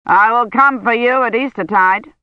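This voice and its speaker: A woman narrator voicing a domineering, menacing medieval knight who speaks slowly and possessively. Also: medium pitch, no room sound, natural voice. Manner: slow, possessive, commanding. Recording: dry, dull lo-fi audiobook recording.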